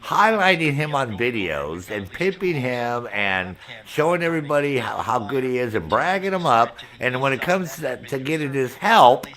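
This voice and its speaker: A male gaming streamer venting to his chat in a loose, profane rant. He acts out both sides of an argument as he tells the story, and his voice sits at an ordinary middle pitch for a man. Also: normal speed, few pauses. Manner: heavy cursing, animated storytelling with quoted back-and-forth.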